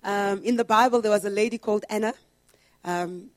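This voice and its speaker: A woman pastor preaching a sermon in an earnest way, building to loud, emphatic repetitions. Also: mid-range voice, steady tone, a little fast, no room sound, studio quality.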